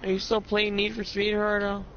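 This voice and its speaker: This gamer's voice is high and monotone, and he talks fairly quickly. Casual banter, teasing, and free swearing fill the session, recorded in somewhat muffled lo-fi quality with faint music underneath.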